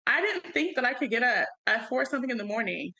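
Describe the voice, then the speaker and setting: A woman's voice: fairly high pitch, expressive, fast, pushed and bright. A young woman co-hosting a casual podcast chat, earnest and emphatic, with casual slang. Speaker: podcast co-host.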